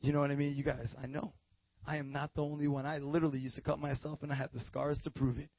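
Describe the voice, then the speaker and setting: A man's voice: a little high, level tone, fast talker, no room sound, highs cut off. A young adult man preaching at a podium, giving his testimony in a casual, slangy way that builds to fervent. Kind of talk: sermon testimony. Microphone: podium mic.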